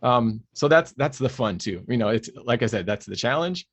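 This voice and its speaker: This man, who narrates audiobooks, chats as an interview guest in an easygoing setting, going on about his work with plenty of fillers and restarts. His pitch is mid-range and his pace moderate.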